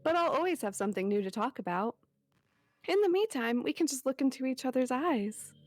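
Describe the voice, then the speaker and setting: A woman's voice: high-pitched, lively intonation, a little fast, no room sound. A woman reading the lines of a cheerful, self-aware young female game character aloud in a sweet, teasing way.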